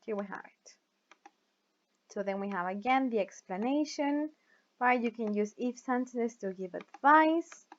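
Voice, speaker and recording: A woman whose first language is Spanish teaches an English lesson in a slow, deliberate way and keeps checking that her students follow along. Her voice sits a little high. The recording is dull and lo-fi, like basic video lesson audio. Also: animated, slight background noise. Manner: slow and deliberate, reads example sentences aloud and checks understanding with "right?". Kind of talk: recorded online grammar lesson.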